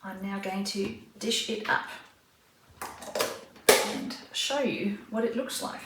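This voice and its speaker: A woman talks her way slowly through a home cooking vlog, chatty and unhurried as she stirs and tastes. She sounds a little way off the mic in a roomy kitchen, with faint clinks of dishes and cutlery behind her. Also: medium pitch, recorded from a distance, background noise. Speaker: cooking vlogger. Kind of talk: casual cooking vlog narration.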